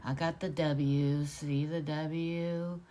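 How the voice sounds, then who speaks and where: A woman's voice: low-pitched, slow. Rambling older woman telling a spiritual story. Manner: rambling, filler-heavy, animated when excited. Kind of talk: casual personal storytelling.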